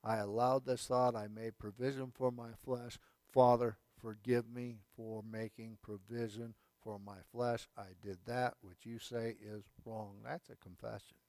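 A man's voice: mid-range voice, level tone, unhurried, few pauses, darkish tone, no echo. A male pastor giving a sermon, emphatic, with repeated phrases and casual asides. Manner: emphatic preaching with repetition and asides.

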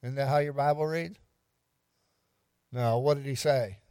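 A man's voice: medium pitch, fairly even intonation, unhurried, warm tone, clean tone, dry recording, clean studio sound. Man preaching an interactive sermon. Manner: asks the congregation questions, repeats for emphasis, light humor. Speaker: pastor.

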